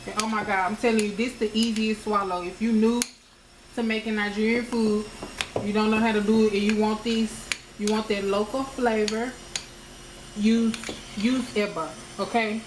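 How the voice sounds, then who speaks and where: A woman's voice: mid-range voice, flat delivery, moderate pace, background noise. Woman chatting thru her cooking vlog, middle voice, echoey kitchen w/ pots clanking. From United States. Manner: chatty, addresses viewers as y'all. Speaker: cooking vlogger. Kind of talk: casual cooking demonstration. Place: home kitchen.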